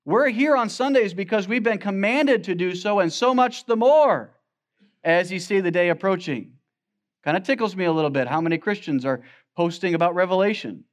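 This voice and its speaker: Preacher guy, highish voice, earnest sermon, quotes old bible wording. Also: expressive, normal speed. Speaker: pastor.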